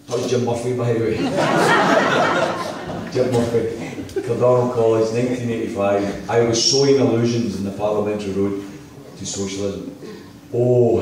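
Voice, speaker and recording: A man's voice: mid-range voice, darkish tone, slight background noise. A middle-aged Scottish man giving an impassioned campaign speech in a town hall, telling stories with jokes and asides. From Scotland. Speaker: political campaign speaker. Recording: echoey hall from far off.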